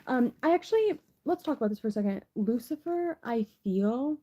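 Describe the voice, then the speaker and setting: Rambling young woman, mellow low-key tone. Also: expressive, moderate pace, low-quality recording. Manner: rambling, full of "like" and restarts. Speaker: tarot reader. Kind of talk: casual tarot reading to camera.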